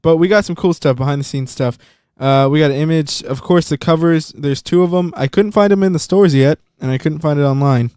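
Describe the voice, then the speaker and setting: A man's voice: fairly high pitch, brisk, few pauses, a little mellow, clear, resonant tone, no echo, clean studio sound. A man hosting a podcast in casual chat, talkative and hesitant with many ums. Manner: chatty, hesitant with frequent ums. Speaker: podcast host.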